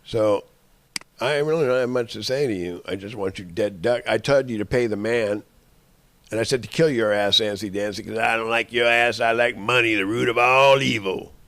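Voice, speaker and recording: A man's voice: on the low side, moderate pace, fairly bright tone, no room sound. A man in an angry, rambling monologue, cursing and making threats at the people he addresses.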